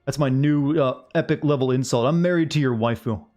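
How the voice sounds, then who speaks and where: Playing a video game on stream, a man talks casually and jokes with his chat as he goes. He speaks fairly quickly in a mid-range, darkish voice, rambling through his gameplay commentary with playful asides aimed at his viewers.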